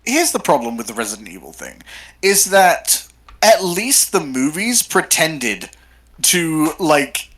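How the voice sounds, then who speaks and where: A podcast co-host chatting casually, quick and joking, often agreeing with a laugh. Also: mid-range voice, sing-song, a bit bright. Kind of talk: casual chat.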